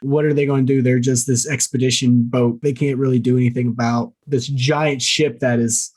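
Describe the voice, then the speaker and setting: Guy on a movie podcast, mid pitch, joking around and cursing while he recaps. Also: little pitch movement, normal speed, a little mellow. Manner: laughing, mocking, profane asides. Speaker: podcast co-host. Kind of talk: casual movie-review chat.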